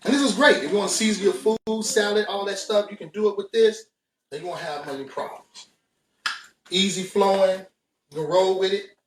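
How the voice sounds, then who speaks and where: A man from the United States hosts a casual cooking demonstration in his home kitchen, chatty and laid-back, speaking straight to viewers as he works. His voice is high-pitched, with a little hiss or hum, and the room sounds echoey with the mic at a distance.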